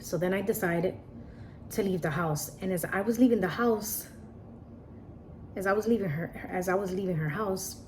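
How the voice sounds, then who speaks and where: A woman's voice: mid-range voice, normal speed, pauses often, a little mellow, a little hiss or hum. A woman telling a personal story in a casual, earnest way, often repeating herself and restarting sentences. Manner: repetitive, earnest, frequent restarts and "like".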